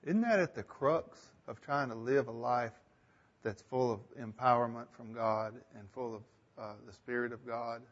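A man's voice: medium pitch, normal speed, muffled recording. Man leading a Bible study. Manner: conversational, thinks aloud, asks the group questions. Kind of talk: leading a group Bible discussion.

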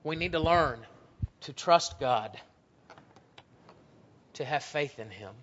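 A man preaching a sermon in a church, telling stories and acting out the voices in them, swinging from loud to hushed. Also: fairly high pitch, lively intonation, takes it slowly. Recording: dull lo-fi recording.

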